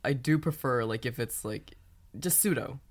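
A woman's voice: rumbling low, moderate pace. A woman guest in a casual interview, chatting in a self-conscious way with lots of filler words. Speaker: guest, audio content creator.

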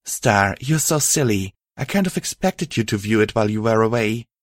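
A man reading aloud and voicing a gentle, loving female pony who speaks softly and reassuringly. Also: fairly low pitch, lively intonation, normal speed, no echo, studio quality, lightly acted. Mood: tender. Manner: soft, reassuring.

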